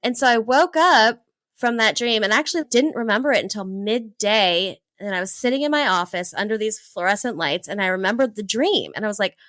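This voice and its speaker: A woman from Hawaii, in her thirties, telling travel stories in a casual interview, lively and laughing often. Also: fairly high pitch, fairly quick, no echo. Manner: animated, laughs often, acts out her own past thoughts. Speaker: travel entrepreneur guest.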